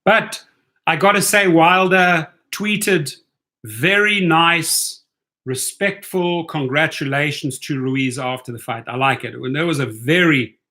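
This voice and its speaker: Reading questions from his viewers, this livestream host with a South African accent answers them bluntly and conversationally. His voice is a little high, pushed and bright.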